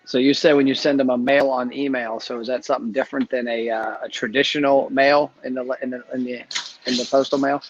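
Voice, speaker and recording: A man hosting a casual live chat, telling stories in a brisk, chatty way. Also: medium pitch, steady tone, a little hiss or hum. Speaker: host. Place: travelling, speaking from a hotel. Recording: dull lo-fi live stream audio.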